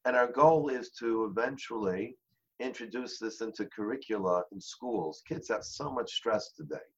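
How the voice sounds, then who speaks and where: A man guest in an interview, telling a story in an earnest way and slowing down on key phrases. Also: on the low side, lively intonation. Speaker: interview guest, charity founder. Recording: dull lo-fi sound.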